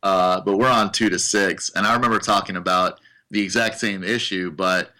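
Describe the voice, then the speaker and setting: A man's voice: deep voice, steady tone, normal speed, sharp tone, rough recording. A middle-aged man hosting a casual radio interview, easygoing and hesitant, with many fillers. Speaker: radio host.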